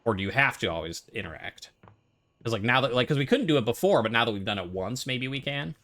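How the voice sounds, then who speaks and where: A man's voice: mid-range voice, lively intonation, fast talker, a bit bright. A man streaming a game and chatting casually over it, rambling and joking. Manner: rambling, jokey, full of restarts. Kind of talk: casual let's-play commentary.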